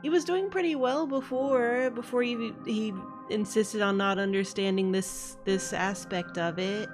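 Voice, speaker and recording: A woman's voice: medium pitch, measured pace, over music. A young woman streamer giving casual let's-play commentary, wry and laughing, mocking the characters. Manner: wry, laughing, mocks characters in silly voices. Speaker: game streamer.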